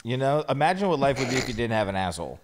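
A man's voice: mid-range voice, sing-song, racing, slight background noise. A man co-hosting a podcast, cracking crude jokes in casual chat. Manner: crude, joking. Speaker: podcast co-host.

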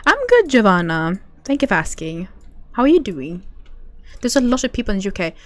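A bubbly, giggly young Swedish woman chats casually with viewers while livestreaming a game, reading chat aloud. Her medium-pitched voice is sing-song and fairly quick, with faint music in the background.

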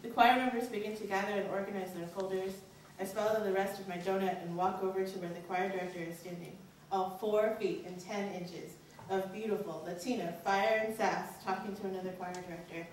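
On a college stage, a young woman performs a candid, earnest personal story live, speaking fairly quickly with mostly even intonation until her pitch leaps on anxious inner questions. Her voice comes from far off in a very echoey hall, with a little hiss or hum.

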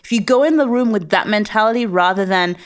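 A British-accented woman, a space lawyer, is a guest in an interview, speaking confidently, emphatically and motivationally. She has a mid-range voice and talks fast.

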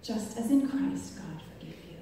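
A woman's voice: medium pitch, expressive, moderate pace, mellow. A woman giving a chatty, laugh-filled faith testimony to a live audience. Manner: chatty, laughs often at her own stories. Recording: echoey hall from far off, faint noise.

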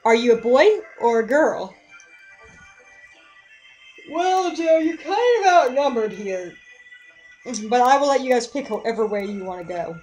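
A woman's voice: on the high side, expressive, measured pace, pauses often, a little mellow, soft background music. A young woman chatting casually and giggling while she streams a game from home and reads its on-screen text aloud.

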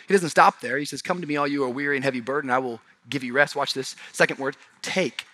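A man preaching a sermon to a church crowd, swinging from passionate shouting to hushed, quiet lines. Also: medium pitch, quick pace. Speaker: pastor. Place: large church auditorium.

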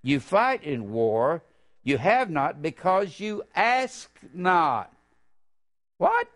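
Fervent older male preacher with loud bursts. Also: sing-song. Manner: fervent, stretches key phrases slowly and jumps to loud high bursts. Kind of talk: sermon.

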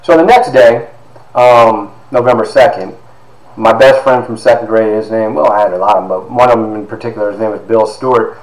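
A man in his fifties from Ohio, telling a personal story in an animated way with lots of quoted dialogue and fillers. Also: fairly low pitch, brisk. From Ohio, USA. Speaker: podcast host and author. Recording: echoey room with faint background noise.

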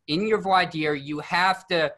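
A man moderating a panel discussion as host, halting and restarting as he frames his questions. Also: fairly high pitch, fairly bright tone.

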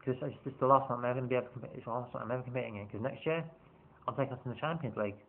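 A man's voice: mid-range voice, fairly even intonation, very fast, vocal fry, slight background noise, lightly acted. A man putting on the voice of a confident male football manager giving his players a rallying pep talk. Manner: rallying, self-assured. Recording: tinny phone-like sound.

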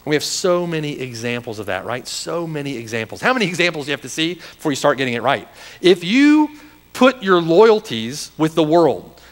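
A man's voice: on the high side, in a large hall. A man preaching a sermon as pastor, building into urgent, challenging rhetorical questions. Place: church sanctuary.

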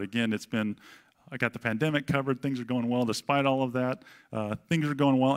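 A man's voice: mid-range voice, fairly even intonation, a little fast. A middle-aged man giving a casual, conversational sermon as pastor, chatty, with fillers and acted-out quotes.

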